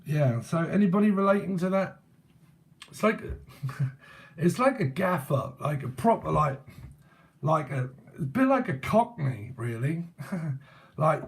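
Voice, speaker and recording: A man's voice: fairly high pitch, animated, moderate pace, creaky. A man as a tarot reader channeling spirits, musing aloud in a loose, casual way with frequent chuckles. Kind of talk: psychic channeling session.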